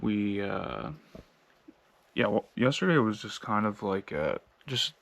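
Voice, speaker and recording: American guy rambling through a trail story, lots of ums, kinda low voice. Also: very animated, takes it slowly, creaky, a bit bright. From United States. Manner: rambling, many fillers, laughs while telling. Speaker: long-distance walker vlogging. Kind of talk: casual storytelling vlog.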